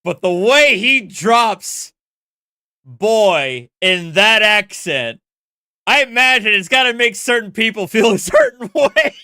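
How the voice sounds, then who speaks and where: A host giving relaxed, amused commentary on a police video. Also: mid-range voice, measured pace, dry recording. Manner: laid-back, amused, conversational.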